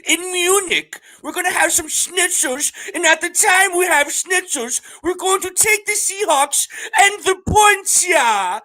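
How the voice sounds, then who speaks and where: A man putting on a comic German announcer voice to give a football pick, high and drawn out. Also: measured pace, few pauses, bright, forceful tone, heavily acted. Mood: cheery.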